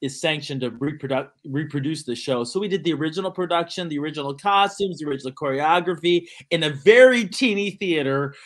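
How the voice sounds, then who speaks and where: Animated middle-aged man telling a story. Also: a little high, a little fast, hardly any pauses. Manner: animated storyteller who acts out quoted dialogue. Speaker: guest actor and choreographer. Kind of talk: casual storytelling in an interview.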